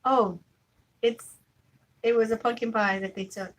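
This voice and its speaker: A woman's voice: on the high side, steady tone, measured pace, dull audio. A woman vlogging at home, chatting casually and telling stories about her family in an easygoing, laughing way. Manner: chatty, storytelling, laughs easily. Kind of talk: casual chat to camera.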